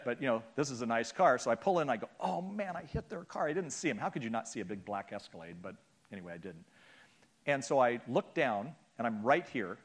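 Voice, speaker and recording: A man's voice: medium pitch, a bit bright. A middle-aged man speaking to a church audience, telling a humorous, self-deprecating story and acting out the people in it. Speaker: guest speaker and author. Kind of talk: storytelling sermon talk.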